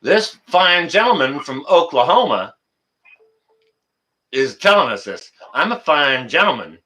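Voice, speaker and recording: A man from Canada hosting a live stream and taking calls, chatting casually with excited outbursts and lots of filler words. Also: on the high side, measured pace. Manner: excitable, loud exclamations, many fillers. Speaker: livestream host.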